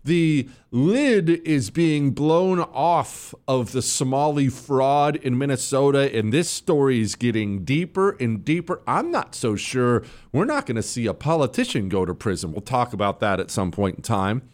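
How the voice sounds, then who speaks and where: A man's voice: mid-range voice, animated, measured pace, few pauses, darkish tone. A middle-aged man hosting a talk radio show, delivering an opinionated monologue with emphatic swings while fighting the hiccups. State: has the hiccups.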